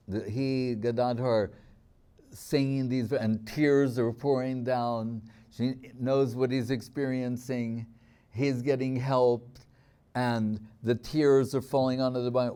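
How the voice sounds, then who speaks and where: Mellow-voiced man giving a devotional talk. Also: medium pitch, steady tone, clean tone. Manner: reflective storytelling, slowing on key words, chuckling. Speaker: spiritual teacher.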